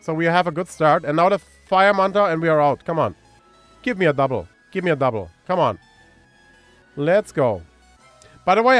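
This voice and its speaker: Man, German accent, high voice, excitable game commentary, dry close sound, faint music behind. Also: no room sound. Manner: excitable, cheers at pulls and reads chat aloud. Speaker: mobile game streamer. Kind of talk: casual gameplay commentary.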